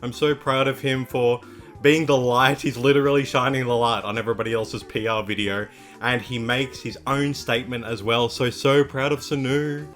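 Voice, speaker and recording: A man's voice: mid-range voice, level tone, normal speed, a bit bright, soft background music. A young man hosting a K-pop reaction video, chatting casually and gushing with upbeat enthusiasm, filling his talk with "like". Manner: gushing, upbeat, heavy use of "like".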